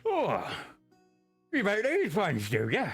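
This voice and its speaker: A man voicing a rowdy, drunken dwarf ship captain who laughs and shouts in gruff sailor talk. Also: sits high, wildly swooping pitch, slow pace, faint music behind, pitched above the performer's own voice, full character voice. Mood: boisterous.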